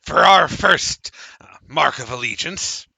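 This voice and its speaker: A man doing a boastful, stammering halfling with a gravelly edge. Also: on the high side, lively intonation, pushed and bright, no room sound, pitched above the performer's own voice, full character voice. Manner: bragging, fast, stammering. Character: boastful, paranoid, excitable male halfling.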